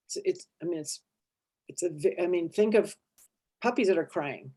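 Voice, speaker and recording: A woman therapist leading an interactive workshop, lively and expressive, acting out inner voices and checking in with her listeners. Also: fairly low pitch, moderate pace, slightly rough. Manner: animated, acts out inner voices and checks in with "right?".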